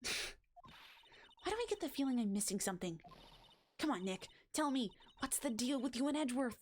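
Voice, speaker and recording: A woman voicing an eager, excitable young female sidekick in a game, raising her pitch and chirping her lines. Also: moderate pace, a little hiss or hum. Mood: teasing.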